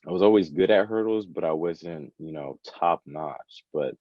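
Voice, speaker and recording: With a deep voice at normal speed, this early-twenties college track athlete talks casually and sincerely as a guest in an interview, sprinkling in "you know" and "like." The recording is muffled, with no room sound.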